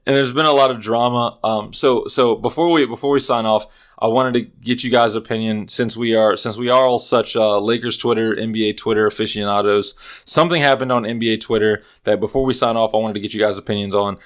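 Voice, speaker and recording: A man's voice: fairly low pitch, fairly even intonation, a little fast. A young man hosting a casual sports podcast, rambling with restarts and sarcastic asides. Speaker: podcast host. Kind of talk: casual chat.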